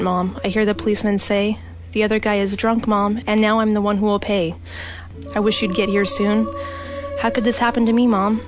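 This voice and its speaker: Woman voicing a dying girl in a poem, emotional with a breaking voice, middle pitch, music clearly under her. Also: lightly acted. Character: young woman dying after a drunk driver's crash. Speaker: poem reader. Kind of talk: dramatic poem reading. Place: radio studio.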